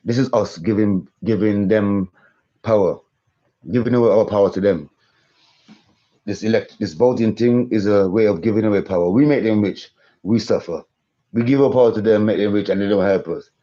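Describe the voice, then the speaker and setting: A man's voice: on the low side, moderate pace, dark tone, highs cut off. A man in his thirties rambling through a live-stream monologue, repeating himself and swearing for emphasis. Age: 30s. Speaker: conspiracy vlogger.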